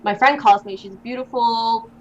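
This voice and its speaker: A young woman with a slightly high voice chats freely as an interview guest, telling stories full of fillers and asides. The recording is a little dull, with a faint hiss underneath. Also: normal speed. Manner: chatty storyteller, lots of likes and ums. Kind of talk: casual interview chat.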